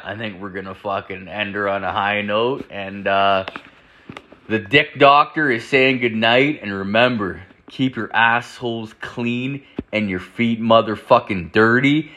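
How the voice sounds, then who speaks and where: A man's voice: on the low side, unhurried, sharp tone, a little hiss or hum. A man hosting a show, telling a rambling comedic story from his own life, swearing heavily and saying "like" a lot. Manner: rambling, heavy swearing, lots of "like". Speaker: show host.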